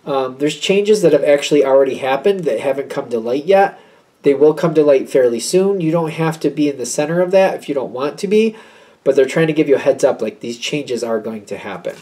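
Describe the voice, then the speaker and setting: A man's voice: fairly high pitch, expressive, brisk, dark tone. A man doing a casual tarot card reading, chatty and thinking aloud with many fillers. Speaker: tarot reader.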